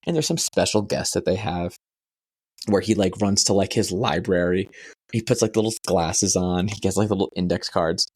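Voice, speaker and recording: A young man co-hosting a podcast, telling a long rambling story with plenty of swearing and sudden high-pitched voices. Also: normal speed, darkish tone, slightly rough. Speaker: podcast co-host. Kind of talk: casual chat.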